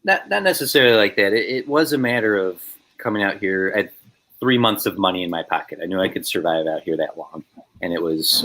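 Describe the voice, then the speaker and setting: Animated male storyteller on a podcast. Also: low voice, a little fast. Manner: animated storyteller, acts out voices. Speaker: podcast guest, filmmaker. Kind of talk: casual anecdote telling.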